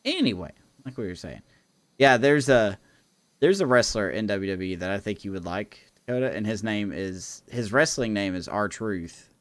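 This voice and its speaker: Animated man telling a story. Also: on the low side, moderate pace, dry recording. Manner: animated storytelling, laughs often. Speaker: livestream host. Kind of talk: casual chat on a gaming stream.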